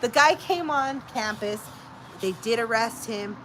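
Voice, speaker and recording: A woman's voice: a little high, unhurried, slight background noise, poor audio. A middle-aged woman hosting a casual chat, telling a story and acting out the voices of the people in it, with bits of Spanish mixed in. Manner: animated, acts out quoted voices, mixes in Spanish. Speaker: host.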